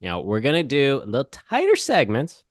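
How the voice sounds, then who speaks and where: A man's voice: medium pitch, wildly swooping pitch, fairly quick, no room sound, studio quality. A man co-hosting a podcast, chatting casually in a jokey, teasing way. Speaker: podcast co-host. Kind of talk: casual banter.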